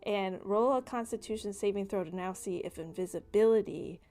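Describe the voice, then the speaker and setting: A woman's voice: medium pitch, moderate pace, dark tone. A woman narrating a tabletop game as game master, speaking casually with lots of fillers.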